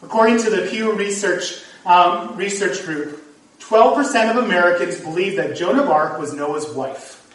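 A man's voice: sits high, moderate pace. A man preaching a sermon as pastor, earnest and at times emphatic. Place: church sanctuary. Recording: echoey hall, mic from far off. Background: congregation.

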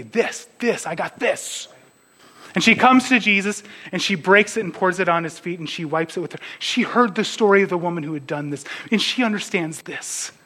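A man's voice: on the high side, pushed and bright, rough recording. A man preaching a conversational sermon as pastor, dropping to a near whisper at tender moments.

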